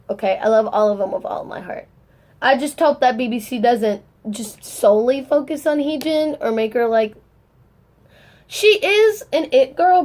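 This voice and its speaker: Young woman vlogger, high voice, gushing n rambling, swears a lot. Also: a little mellow. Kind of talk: casual chat.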